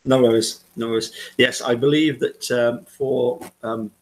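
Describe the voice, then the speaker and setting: A man's voice: medium pitch, fairly even intonation, unhurried, rough recording. A man joining a casual chat as a guest over a video call. He often repeats words while searching for what to say. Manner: hesitant, repeats words while finding them.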